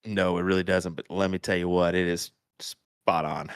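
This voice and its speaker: Male co-commentator, lowish voice, dry close mic, laid-back. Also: fairly even intonation, moderate pace, smooth, no echo. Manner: laid-back, laughing, calls partner bud. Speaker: darts co-commentator. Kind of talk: live sports commentary.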